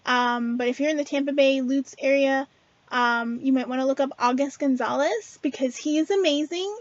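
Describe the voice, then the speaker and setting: A woman's voice: high voice, moderate pace, dry recording, lo-fi sound. A woman hosting a casual spiritual talk to her viewers, chatty and earnest, with frequent fillers and restarts. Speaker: spiritual video host.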